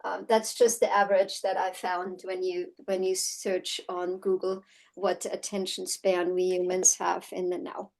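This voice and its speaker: Slow-spoken woman horsemanship instructor from Germany. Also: fairly low pitch, flat delivery, creaky, a little mellow, low-quality recording. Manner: reflective, often adds "right?" as a check-in. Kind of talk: teaching session with personal storytelling.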